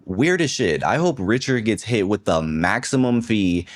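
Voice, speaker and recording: A man's voice: lowish voice, sing-song, normal speed, no room sound, studio quality. A young man giving sarcastic, swearing comedic commentary on a video.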